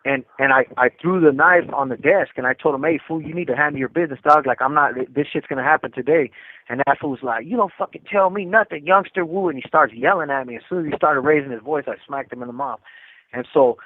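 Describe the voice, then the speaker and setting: A middle-aged man telling a rough prison story in a quick, profane, filler-heavy way on a live call-in show. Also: medium pitch. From California. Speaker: co-host. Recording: tinny phone line, dry.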